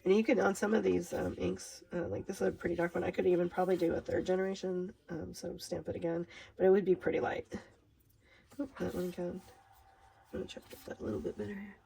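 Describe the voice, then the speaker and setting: A woman's voice: on the low side, flat delivery, fast talker, gravelly, mellow, poor audio. A woman with a Minnesotan accent, talking casually through a stamping craft tutorial in a chatty, rambling way, often laughing at herself. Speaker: craft demonstrator.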